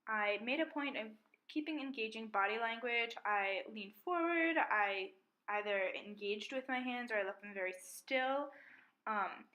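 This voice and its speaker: A young woman, a student mediator, calmly talking through a self-reflection on a mediation exercise in a measured, methodical way. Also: fairly high pitch, lo-fi sound.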